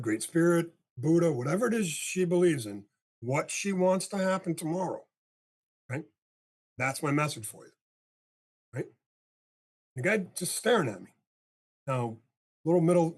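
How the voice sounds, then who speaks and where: Husky older man telling a story. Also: fairly high pitch, moderate pace, long pauses. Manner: animated storyteller, acts out dialogue, swears casually. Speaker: podcast guest. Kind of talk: storytelling in a casual interview.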